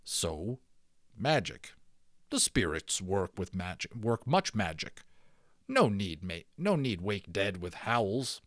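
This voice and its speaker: A man's voice: medium pitch, sing-song, slow, no room sound. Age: adult. Figure: a man putting on a stern tiny storybook warrior. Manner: terse, commanding, clipped. Delivery: dry and close. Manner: clipped broken phrases, commanding.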